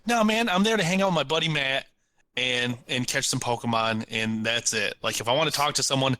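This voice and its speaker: A man co-hosting a podcast, telling a story in a casual, animated way and acting out what people said. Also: medium pitch, fairly quick, no echo. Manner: animated, laughs while telling stories, acts out quotes. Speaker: podcast co-host.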